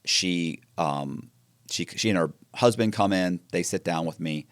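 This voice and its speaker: Deep-voiced man telling a story. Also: measured pace, no echo, clean studio sound. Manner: animated storyteller acting out quoted dialogue, frequent restarts. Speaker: interview guest. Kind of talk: storytelling interview.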